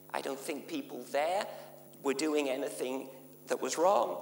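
A man, a finance professor, giving a measured, explanatory conference talk with frequent pauses. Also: a little high, gravelly, a bit bright. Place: conference venue. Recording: echoey hall with faint hum.

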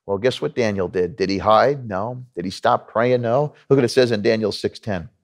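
A pastor preaching a conversational, emphatic sermon with stories and a New York accent. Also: male voice, on the low side, normal speed.

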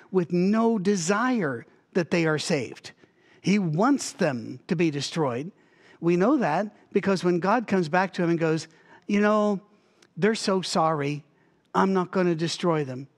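A man preaching a sermon as pastor, telling a story with lively acted-out voices and frequent chuckles. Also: high-pitched. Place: church.

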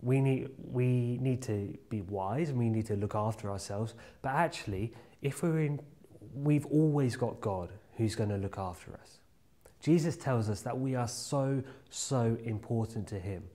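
Man, children's church talk, chatty storyteller, middle pitch. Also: a little slow, dark tone. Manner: chatty, storytelling, speaks directly to kids.

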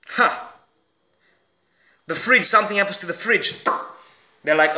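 A man delivering an emphatic, animated motivational vlog monologue, swearing casually as he talks. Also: high-pitched, measured pace, pauses often. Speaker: motivational vlogger.

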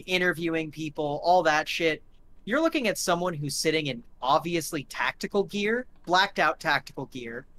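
Game master, bright and forceful, loose rambling narration. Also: male voice, a little high. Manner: rambling, filler-heavy narration. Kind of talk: narrating a live tabletop game.

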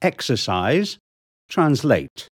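A man reads short instructions and practice sentences in a plain, measured way. His pitch moves freely. The recording is dry and close. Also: sing-song, breathy edge, no echo. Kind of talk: recorded language drill.

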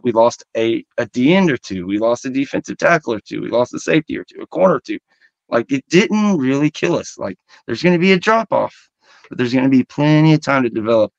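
A man's voice: a little high, dry recording, muffled recording. A man with a Southern accent co-hosting a casual sports podcast, rambling with lots of fillers and some swearing. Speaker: podcast co-host.

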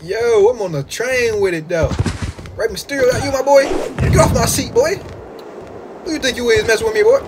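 A young man giving casual gameplay commentary, excitable and slangy, swinging from low mutters to sudden yelps and trash talk. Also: a little fast, background noise. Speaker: gaming YouTuber.

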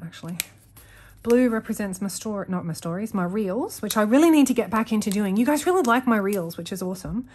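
Chatty rambling woman. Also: medium pitch. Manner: rambling, self-correcting, talks to herself. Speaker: planner vlogger. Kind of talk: casual chatty narration while journaling.

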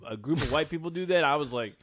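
A man co-hosting a comedy podcast, lively, riffing back and laughing often. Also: fairly high pitch, rapid-fire. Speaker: podcast co-host. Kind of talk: casual comedic chat.

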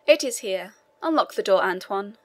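A woman reading a brisk official inspector. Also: mid-range voice, animated, lightly acted. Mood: formal. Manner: formal, businesslike. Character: stern official male prison inspector, brisk.

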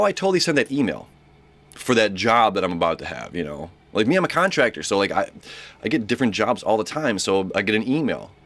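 A man's voice: on the low side, a bit bright. A young man giving a casual, rambling horoscope talk as an astrologer, repeating himself and acting out little dialogues.

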